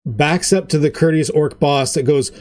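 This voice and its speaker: A man's voice: on the high side, darkish tone. A man running a tabletop game as game master, narrating with rambling asides. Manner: rambling, quick asides with fillers.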